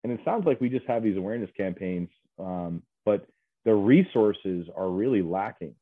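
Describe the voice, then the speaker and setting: A man speaking as a guest in an interview, earnest and halting, with many fillers and restarts. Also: on the low side, expressive, no room sound. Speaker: guest, mental health specialist. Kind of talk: casual interview chat. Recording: dry, tinny phone-like line.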